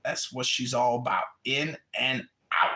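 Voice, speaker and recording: A man's voice: medium pitch, measured pace, sharp tone. A man hosting a casual audio chat room, talking in a rambling way with wry asides.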